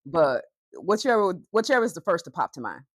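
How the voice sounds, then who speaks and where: A woman hosting a podcast, asking questions and encouraging her guest with quick, supportive replies. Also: on the low side, sing-song, dry recording, clean studio sound. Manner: warm, encouraging interviewer, quick affirmations. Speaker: podcast host. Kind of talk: casual podcast chat.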